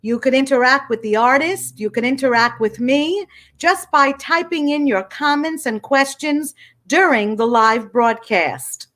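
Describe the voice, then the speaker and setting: A woman hosting a program and giving a measured, welcoming scripted introduction. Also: high voice, a bit bright. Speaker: host.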